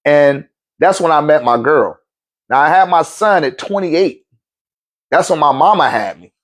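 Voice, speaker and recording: A man's voice: a little high, animated, a little slow. A middle-aged man in a laid-back, slangy storytelling monologue, chuckling often. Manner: laid-back slang, frequent chuckles, acts out quoted voices. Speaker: spiritual talk show host.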